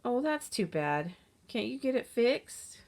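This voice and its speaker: A woman's voice: fairly high pitch, very animated, measured pace, darkish tone, pitched above the performer's own voice. A woman voicing a bossy, dismissive older sister in a children's story, with a curt, scornful way of talking. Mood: polite phone.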